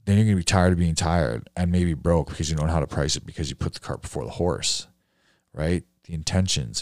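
Blunt, profane man with a deep voice. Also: expressive, fairly quick, darkish tone, no room sound. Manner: blunt, profane, rhetorical questions. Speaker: painting business coach. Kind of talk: casual rant to a class.

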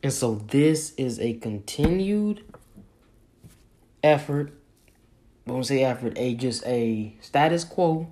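A man's voice: medium pitch, lively intonation, slow, pauses often, mellow, a little hiss or hum. A man giving impassioned spoken commentary, repeating his points in a preacher-like cadence. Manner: repetitive, emphatic, preacher-like cadence.

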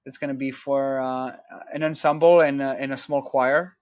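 A man's voice: mid-range voice, fairly even intonation, normal speed, dry recording, highs cut off. A man from Israel, a composer guest in a casual interview, explaining his work thoughtfully with many fillers and restarts.

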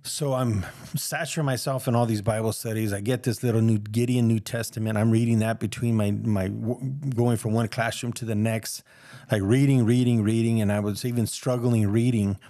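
A man's voice: on the low side, steady tone, fairly quick, mellow, dry recording, studio quality. A man sharing his personal testimony in a casual, earnest, rambling way, acting out the voices of people he quotes.

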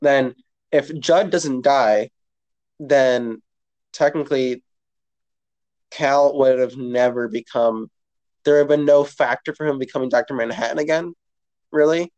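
A man's voice: mid-range voice, a little mellow, highs cut off. Casual male co-host, mid-range voice, rambling and profane, lots of fillers. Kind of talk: casual chat.

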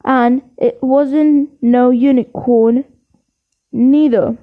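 A woman doing a gruff gamekeeper giant. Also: sits high, steady tone, very slow, phone-quality sound. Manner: rough dialect grammar. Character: big gruff male forest gamekeeper, blunt and homely.

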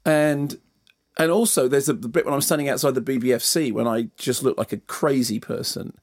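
A man's voice: medium pitch, fairly even intonation, a little fast, no echo, clean studio sound. A middle-aged man from Essex, a film critic telling rambling, self-deprecating stories in casual chat. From Essex, England.

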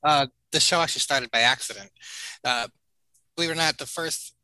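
A man in his forties talks as a podcast guest, rambling through his stories with plenty of fillers and soft laughs. His voice is strikingly bright, and it sounds dry and close with no room around it. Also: a little high, brisk, no room sound, poor audio. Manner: rambling and chatty, with filler words and chuckles. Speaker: podcast guest, family video creator. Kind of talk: casual storytelling interview.

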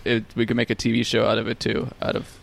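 A man's voice: on the low side, completely flat delivery, fast, gravelly, no echo. A man reading list items and comments aloud in a casual comedic chat, plain delivery.

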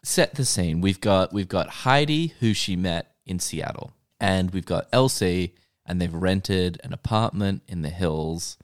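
A man recapping an episode with friends. His voice is very low, and it sounds close and dry. He jokes and acts out lines. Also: a little slow, dry recording. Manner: jokey, recaps scenes, acts out quotes. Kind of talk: casual group chat.

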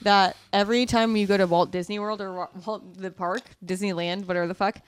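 A woman's voice: medium pitch, steady tone, fairly quick, clear, resonant tone. A woman co-hosting a podcast, sassy and teasing, laughing easily through casual banter. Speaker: podcast co-host.

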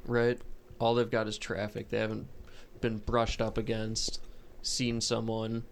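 A man's voice: fairly low pitch, monotone, a little slow, gravelly, a little hiss or hum. A man chatting casually as a podcast co-host, telling stories in a profane, sardonic way. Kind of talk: casual chat.

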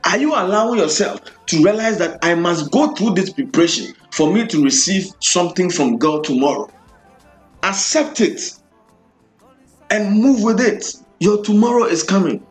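A man's voice: high-pitched, animated, normal speed, soft background music. A man preaching a sermon, building repeated refrains with rhythmic emphasis.

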